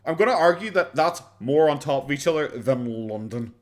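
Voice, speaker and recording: A man's voice: fairly high pitch, expressive, normal speed, very noisy. A young Irish man commenting on videos during a live stream, sarcastic and rambling, swearing often and filling gaps with "like". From Ireland. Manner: sarcastic, swears freely, rambling with many fillers.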